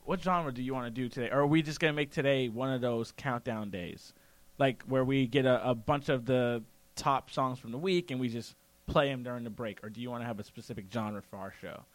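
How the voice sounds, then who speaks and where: A man co-hosting a radio show in casual, rambling chat, laughing easily. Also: medium pitch. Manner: rambling, chatty, quick laughs.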